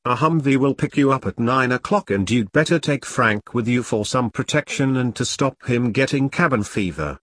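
A man's voice: medium pitch, expressive, normal speed, few pauses, a bit bright, no room sound. A man reading a curt army major. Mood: commanding. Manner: curt, commanding briefing tone. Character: brisk British army major, male, impatient. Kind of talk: audiobook character reading.

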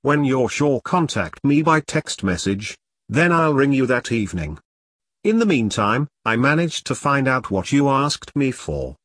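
A man's voice: medium pitch, big pitch swings, measured pace, fairly bright tone, slightly rough, dry recording, full character voice. A man voicing a bitter, blunt middle-aged woman who was once an agent, in an audiobook. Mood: determined. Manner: blunt, furious.

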